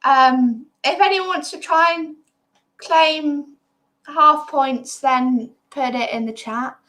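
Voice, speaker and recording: A chatty woman co-hosts a home quiz stream and reads viewers' scores aloud. Her voice is very high and has a bright, sharp edge. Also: slow, poor audio. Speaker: quiz co-host. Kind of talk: casual livestream quiz.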